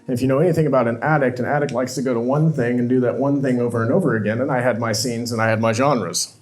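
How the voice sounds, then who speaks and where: A man's voice: mid-range voice, fairly even intonation, fast. A man on stage telling a painful personal story, emotional and confessional, acting out the dialogue he quotes. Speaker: speaker. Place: stage at a live talk event.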